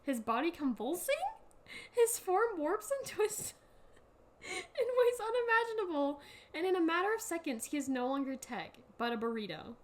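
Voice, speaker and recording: A young woman co-hosting a casual podcast, reading a story aloud in halting bursts and laughing often. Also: extremely high pitch, big pitch swings. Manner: giggly, reads in halting bursts with frequent laughs. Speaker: podcast co-host.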